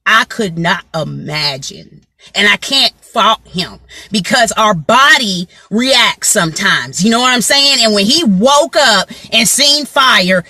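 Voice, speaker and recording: A woman's voice: a little high, sharp tone, no echo. A woman telling a story to her viewers in casual chat, often asking "you know what I'm saying" and greeting people by name. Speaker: motivational vlogger.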